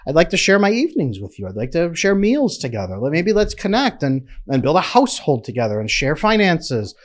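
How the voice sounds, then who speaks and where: A man's voice: on the high side, big pitch swings, fairly quick, pitched above the performer's own voice. A man voicing an anxious woman who earnestly pleads for more commitment in a relationship. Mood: pleading.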